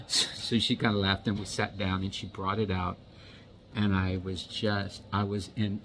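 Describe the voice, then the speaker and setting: Man, gravelly and lowish, rambling storyteller who repeats himself, faint room noise. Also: flat delivery, a bit bright, rough recording. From United States. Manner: rambling, halting, repeats words. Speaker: watch vlogger. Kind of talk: casual storytelling.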